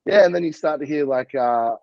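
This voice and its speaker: A man's voice: a little high, brisk, no echo, muffled recording. A man, a podcast guest and coach, chatting casually and rambling with lots of "like" and the odd swear word. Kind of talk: casual interview chat.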